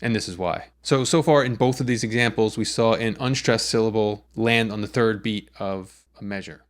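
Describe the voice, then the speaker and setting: Low-voiced man teaching songwriting. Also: moderate pace. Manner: patient, methodical, walks through examples step by step. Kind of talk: explanatory lesson.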